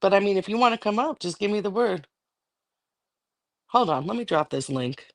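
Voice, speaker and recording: A woman's voice: mid-range voice, lively intonation, moderate pace. A middle-aged woman on a livestream, ranting angrily and defiantly with constant swearing. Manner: angry, defiant, profane. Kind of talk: heated livestream rant.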